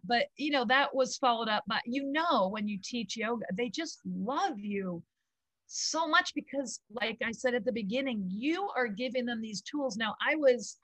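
A middle-aged woman, a yoga founder, tells stories in an animated, gushing way and laughs often. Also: on the high side, no room sound. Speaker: guest, kids yoga founder. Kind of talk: casual storytelling interview.

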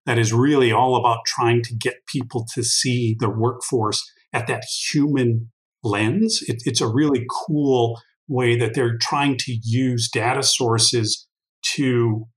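Man, interview guest; mid-pitched, talks through ideas at length, plenty of restarts and "you know"s. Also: takes it slowly, rough recording. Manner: thoughtful, long-winded, many restarts and fillers. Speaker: guest expert on workforce intelligence. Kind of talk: conversational interview answer.

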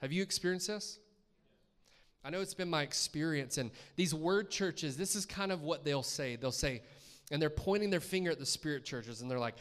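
A male guest preacher delivers a sermon in a church. His voice sits a little higher than most men's. He keeps it conversational and often turns to the congregation with questions. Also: moderate pace, a bit bright.

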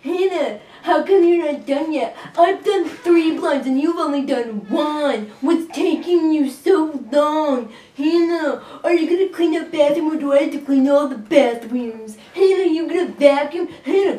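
A woman putting on the voice of an impatient man nagging his partner to clean faster. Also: sits high, a little mellow, echoey room, distant mic, pitched above the performer's own voice, close to an everyday voice. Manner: nagging, exaggerated, raised voice.

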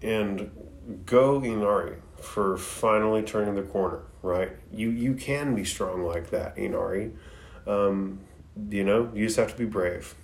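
A man's voice: on the low side, unhurried. A man giving a casual recap and review of an anime episode, chatty and loose with fillers and slang.

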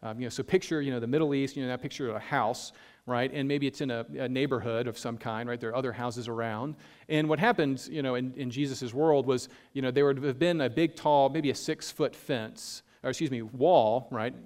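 A man preaching a sermon, reading scripture slowly and explaining it in a casual, conversational way with frequent fillers. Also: medium pitch, fairly even intonation, a little mellow. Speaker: pastor.

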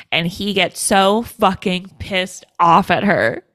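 A woman's voice: medium pitch, slow, fairly bright tone, no echo. A woman co-hosting a podcast in casual chat, blunt and outraged, swearing freely. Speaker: podcast co-host.

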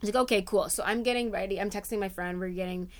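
A young woman co-hosting a podcast, telling a story in casual chat and acting out the quotes with lively voices. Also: medium pitch, fast. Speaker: podcast co-host.

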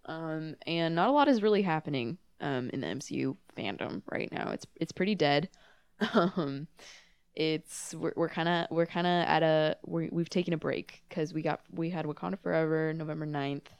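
A woman's voice: low-pitched, moderate pace, smooth, no room sound. A young woman co-hosting a casual podcast with her father, chatty and sarcastic, laughing often. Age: young adult. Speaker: podcast co-host. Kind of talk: casual chat. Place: her father's home office, indoors.

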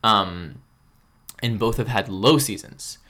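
A man's voice: lowish voice, slow, bright, forceful tone. A young man co-hosting a podcast, chatting casually with lots of fillers and slang. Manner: loose, filler-heavy, slangy banter. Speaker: podcast co-host. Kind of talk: casual chat.

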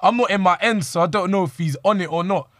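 A man's voice: high-pitched, fast, fairly bright tone, no room sound. A young man, animatedly telling a street story to friends and acting out the quotes. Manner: slangy, acts out quoted lines.

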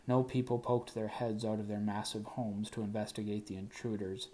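A man narrating an audiobook in first person, wry and even. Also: fairly low pitch, normal speed.

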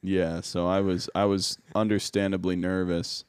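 Deep-voiced young man, relaxed chat. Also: moderate pace, clear, resonant tone, no room sound, studio quality. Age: young adult. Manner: easygoing, laughs along, teasing. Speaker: podcast co-host. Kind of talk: casual chat.

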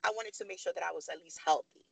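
A woman in her thirties with a gravelly edge, telling her own story with animated energy. She slips into the voices of the people she quotes. The sound is close and dry, with no room around it. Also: lowish voice, fast, no room sound, low-quality recording. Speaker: podcast guest. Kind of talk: candid storytelling.

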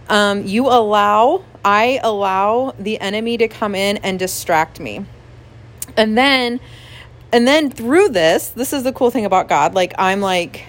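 A woman hosting a faith podcast, talking candidly and personally to her listeners in a casual devotional style. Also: mid-range voice. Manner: candid and personal, with frequent "like" and "right?" and soft laughs. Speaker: podcast host.

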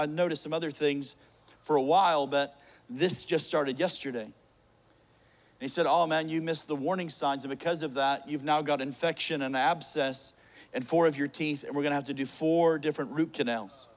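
A man's voice: a little high, fairly even intonation, fairly quick. A middle-aged man preaching a sermon, telling a funny personal story with jokes and many restarts. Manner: joking, storytelling, frequent restarts.

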